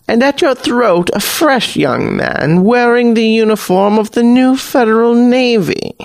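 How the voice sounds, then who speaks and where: A man voicing an old female hag queen who rules a tavern, speaking slowly with a piercing, menacing edge. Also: very high-pitched, expressive, vocal fry, dry recording, voice pushed up, exaggerated voice.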